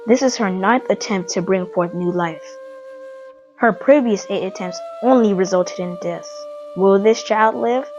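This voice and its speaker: Female storyteller, measured and dramatic, scripted read over a music bed. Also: mid-range voice, darkish tone, highs cut off. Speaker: narrator.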